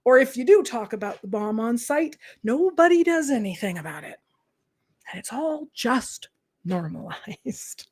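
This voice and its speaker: Slow, gravelly woman streamer. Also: a little high, big pitch swings, no room sound, clean studio sound. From Canada. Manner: gentle, earnest, drops into soft whispered asides. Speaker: live streamer. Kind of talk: calm reflective live-stream talk.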